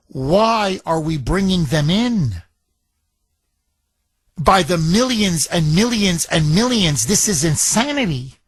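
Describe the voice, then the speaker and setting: Male talk radio host, high and unhurried, indignant and emphatic, dry close mic. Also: fairly bright tone, slightly rough, no room sound. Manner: indignant, emphatic, rhetorical questions.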